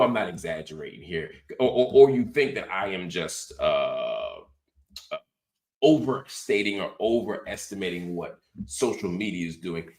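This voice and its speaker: A middle-aged man hosting a political commentary show, talking in an animated, sarcastic way with mocking asides. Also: low-pitched. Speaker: host.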